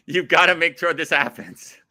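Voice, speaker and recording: A man co-hosting a casual wrestling talk show, with a bright, sharp, forceful voice. His pitch swings widely as he works himself up into pleading, excitable rants. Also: measured pace, vocal fry. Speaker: co-host.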